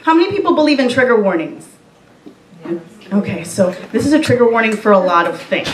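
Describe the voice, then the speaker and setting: A woman's voice: on the high side, very animated, a little fast, slight background noise. A woman poet casually talking to an audience in a playful, teasing, profane way. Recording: echoey room from far off.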